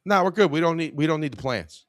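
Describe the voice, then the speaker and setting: A man putting on the voice of a dim, stubborn giant of a male customer, with flat, slow-witted replies. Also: a little high, no room sound, studio quality, voice pushed up, lightly acted. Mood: dopey.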